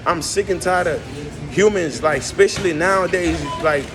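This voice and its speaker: A man's voice: high-pitched, moderate pace, over music. A man vlogging from a coffee shop, rambling and emphatic as he fires off rhetorical questions to his viewers. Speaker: vlogger and musician. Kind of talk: casual rant to camera. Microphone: phone camera.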